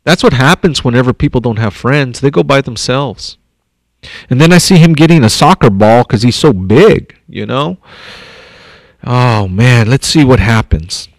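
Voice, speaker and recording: Reading a picture book to young kids at an elementary school, the district superintendent, a man, keeps breaking off to share lively comments and thoughts. His mid-range voice moves at normal speed, with no room sound.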